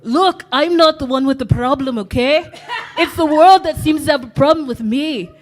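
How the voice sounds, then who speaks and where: A woman's voice: sits high, normal speed, natural voice. A woman voicing a grumpy big male ogre, reading a film monologue on a convention stage. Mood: gruff, defensive. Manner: put-on accent. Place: convention stage before a live audience.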